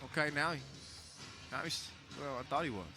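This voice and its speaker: A man's voice: on the high side, a little fast, music in the background. A man calling live basketball play-by-play in a casual, joking way, full of fillers and restarts. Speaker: sports commentator. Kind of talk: live sports commentary. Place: basketball event venue.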